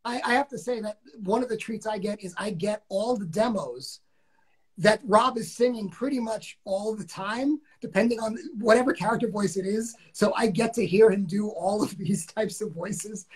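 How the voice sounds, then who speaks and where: A man's voice: high voice, slightly rough, low-quality recording. A man who made the show, talking casually and enthusiastically on a podcast, often restarting his sentences. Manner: enthusiastic, halting with many restarts. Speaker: show creator guest.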